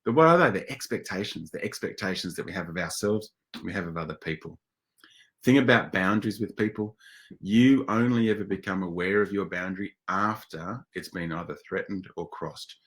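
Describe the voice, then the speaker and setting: A man with a very low voice presents a webinar in a relaxed, conversational way. He sounds enthusiastic and chatty, often pausing and restarting his sentences as he goes.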